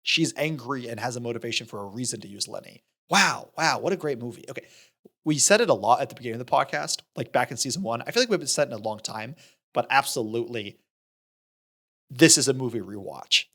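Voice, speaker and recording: A young man with a bright, forceful voice talks through a movie scene on a podcast. He slips into quick acted-out lines for the characters and leans on fillers as he goes. His pitch sits in the middle range. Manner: animated retelling, acts out character lines, frequent fillers. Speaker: podcast co-host. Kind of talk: casual film discussion.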